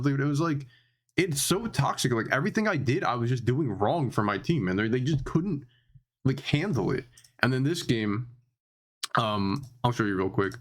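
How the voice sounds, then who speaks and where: A man giving heated, exasperated commentary over his own gameplay footage. He talks in restless pitch swings and packs his speech with filler words. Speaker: gamer reviewing his own matches.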